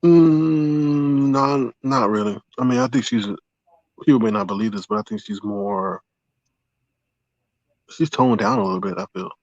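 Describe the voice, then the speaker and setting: A man joining a casual live-stream chat as a guest, answering in a measured way and laying out his points one by one. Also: mid-range voice, animated, vocal fry, darkish tone, dry recording. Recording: dull, dry lo-fi audio.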